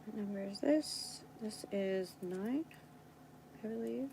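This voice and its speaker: A woman hosts a casual live stream, talking slowly and unhurriedly as she thinks aloud and checks in with her viewers. Her voice sits at an ordinary middle pitch, with a faint hum of background noise behind her. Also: gravelly, mellow, low-quality recording. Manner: thinks aloud while working, chats with viewers.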